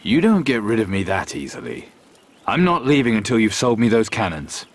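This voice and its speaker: An actor playing a blunt, impatient pirate captain in a video game. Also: male voice, on the low side, sing-song, moderate pace. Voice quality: curt, dry-witted.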